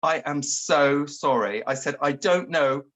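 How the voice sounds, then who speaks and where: A man co-hosting a relaxed chat. He tells stories in a rambling way and gets animated when he acts out what he said. His voice sits a little high for a man. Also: unhurried. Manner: chatty storyteller, animated when acting out his own outbursts. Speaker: co-host. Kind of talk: casual chat.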